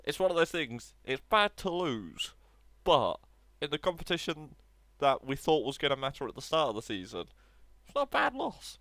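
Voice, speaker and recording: A young man commentating on his own football video game match, laughing often and excitable. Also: a little high, normal speed, no room sound. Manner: giggly, excitable, laughs between lines. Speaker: gaming streamer.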